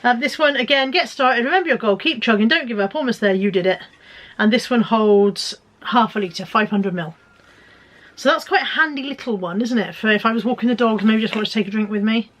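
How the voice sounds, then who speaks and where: Opening parcels on camera, this middle-aged vlogger talks in a brisk, fairly bright voice on the high side. She's chatty and self-mocking, handling the packages throughout.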